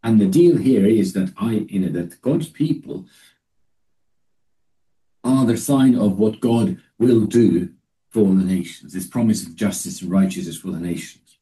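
A man preaching a Bible teaching talk in a low, deep voice. His tone is very dark and mellow, picked up from a little way off the mic. He stops and restarts often, and slows down to read scripture with care. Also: distant mic, low-quality recording. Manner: halting, with many restarts and fillers; reads scripture slowly and deliberately.

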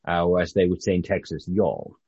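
Deep, husky British man leading Bible study. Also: little pitch movement, darkish tone, no room sound, lo-fi sound. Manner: halting, restarts often, conversational. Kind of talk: informal Bible teaching.

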